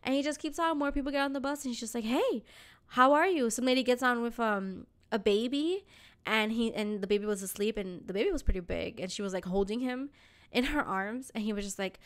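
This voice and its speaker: A young woman hosting a podcast, telling a story in casual chat, animated and acting out the voices of people in it. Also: fairly high pitch, fast talker. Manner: animated, acts out voices in her stories, swears casually. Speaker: podcast host.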